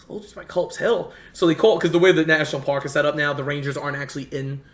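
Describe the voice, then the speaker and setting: Young man telling a story in a roomy room. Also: a little high. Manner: animated, fast storyteller who acts out quotes. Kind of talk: casual storytelling chat. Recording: roomy echo.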